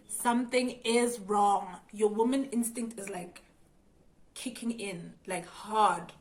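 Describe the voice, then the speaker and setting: A young woman with a South African accent tells a personal story straight to her viewers. Her voice sits at an ordinary middle pitch, and she switches quickly between plain telling and acting out what she thought at the time. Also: slight background noise, rough recording. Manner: animated, talks straight to viewers, acts out her own past thoughts. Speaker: YouTuber. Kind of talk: storytime vlog.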